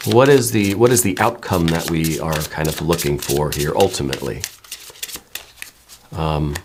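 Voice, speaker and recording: A man giving a tarot reading to his viewers, musing and meandering as he goes, hedging often and checking in with a soft "right?". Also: extremely low pitch, unhurried, noisy background. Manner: musing and meandering, many hedges and repeated "right?". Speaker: tarot reader.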